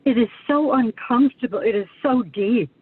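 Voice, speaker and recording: A man student speaking in halting, emotional bursts, searching for his words. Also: very high voice, narrow, tinny audio. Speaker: student asking a question.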